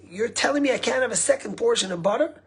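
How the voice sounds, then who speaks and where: A man with a husky, breathy voice voicing an outraged, self-important senator demanding special treatment. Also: extremely high pitch, animated, a little slow, a little mellow, voice pushed up, full character voice. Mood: indignant.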